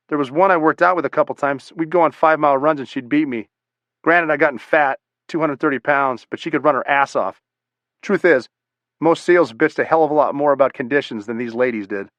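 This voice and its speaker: A man narrating a first-person memoir audiobook in a steady, measured, matter-of-fact way. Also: on the high side, dry recording, muffled recording.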